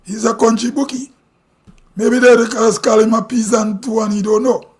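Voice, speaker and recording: A Grenadian man speaks at a strikingly high pitch, ranting to his live-stream audience. He talks bluntly, firing off rhetorical questions and opinions. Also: level tone, normal speed. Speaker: livestream host. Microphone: streaming mic.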